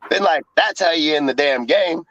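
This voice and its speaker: A man's voice: on the high side, normal speed, a bit bright, dry recording. Profane ranting man, dull dry sound. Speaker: podcast co-host. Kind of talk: heated casual sports talk.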